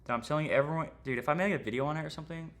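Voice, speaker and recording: A man's voice: fairly high pitch, very fast, a bit bright. A young man teaching trading on a livestream, casual and rambling, full of slang and fillers. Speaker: trading streamer.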